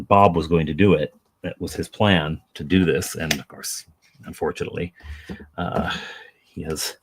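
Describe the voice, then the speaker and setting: A man's voice: low-pitched, slightly rough. A man chatting casually on a live stream while he paints miniatures, rambling, self-deprecating and talking to his dog.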